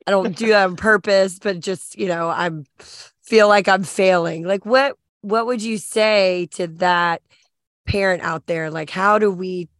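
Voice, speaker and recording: A woman's voice: mid-range voice, measured pace, no room sound, studio quality. A woman hosting a podcast, asking hesitant, searching questions in casual conversation. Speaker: podcast host.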